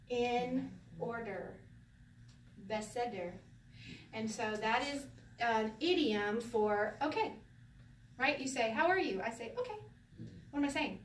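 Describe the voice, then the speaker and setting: An older woman teaching a casual Hebrew lesson to a group, chatty and quick to laugh. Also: a little high, expressive, recorded from a distance, slight background noise. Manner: chatty, laughs often, acts out phrases. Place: room with a group of learners. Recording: echoey room recorded from afar.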